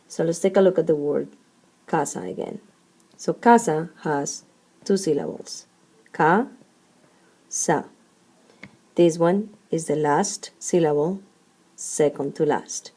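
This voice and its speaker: Woman teacher, lowish warm voice, unhurried, breaks words into syllables for students. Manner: deliberate, spells out syllables one at a time. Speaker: Spanish teacher. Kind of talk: explaining a lesson step by step.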